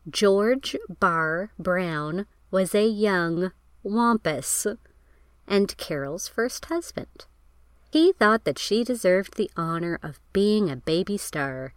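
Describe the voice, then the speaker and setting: A woman's voice: on the low side, lively intonation, slow, clear, resonant tone, no echo. Woman narrating film history, wry. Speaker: podcast host.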